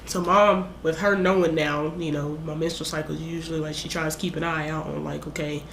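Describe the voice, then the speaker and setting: A woman's voice: deep voice, brisk, gravelly, slight background noise. A young woman, retelling a story in a casual, rambling way and acting out her own lines. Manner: animated, rambling retelling with acted-out quotes. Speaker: vlogger. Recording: echoey room.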